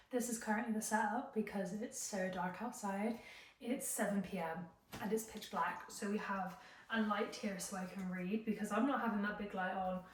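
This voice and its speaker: A woman's voice: medium pitch, fairly even intonation, moderate pace, slight background noise. A young woman, chatting to camera as a book vlogger in a chatty, giggly way. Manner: chatty and giggly, with many fillers. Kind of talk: casual chat to camera.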